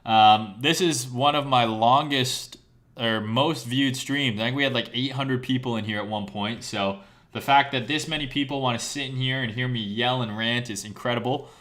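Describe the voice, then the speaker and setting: A hoarse man rants bluntly on a live stream, his voice worn from talking for hours. He talks to his viewers as a crypto trader in a casual, profane way and keeps checking in with "right?". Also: mid-range voice, fairly even intonation, a little fast, a bit bright. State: losing his voice.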